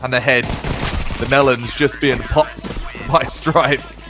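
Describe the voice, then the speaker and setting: Lively male esports play-by-play caster. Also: mid-range voice, takes it slowly, over music. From Canada. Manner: lively, punchy calls with slang.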